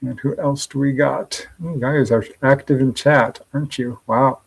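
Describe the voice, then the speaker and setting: A man's voice: medium pitch, fairly even intonation, normal speed, creaky, breathy edge, low-quality recording. A man hosting a live podcast stream, upbeat and chatty, greeting viewers by name and laughing often. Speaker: podcast host. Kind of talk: casual livestream chat.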